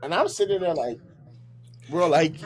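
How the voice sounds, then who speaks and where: A man with a fairly high voice and moderate pace co-hosts a casual podcast, animatedly telling stories and acting out how the people in them sounded.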